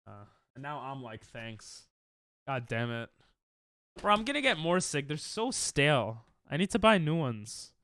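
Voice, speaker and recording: A sick man coughs while streaming a game, chatting casually and joking as he reads and answers his chat. His fairly high, bright voice is very animated, forceful, and smooth at a moderate pace.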